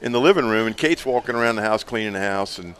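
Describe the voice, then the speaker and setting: Animated man telling a story. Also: lowish voice, quick pace. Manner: animated storyteller, laughs often. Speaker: radio show co-host. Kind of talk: casual storytelling chat. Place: live remote broadcast at a store.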